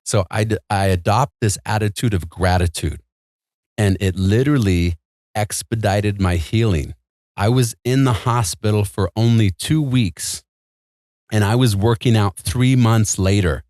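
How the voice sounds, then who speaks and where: A man's voice: fairly low pitch, a little slow, a little mellow, no room sound, studio quality. A man as an interview guest, telling a personal story in a casual, earnest and emphatic way, full of "like" and "man".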